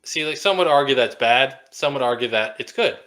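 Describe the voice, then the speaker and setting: Fast-talking young man co-host. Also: medium pitch, animated, fairly bright tone, a little hiss or hum. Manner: fast, joking, acts out quotes. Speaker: podcast co-host. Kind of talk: casual chat.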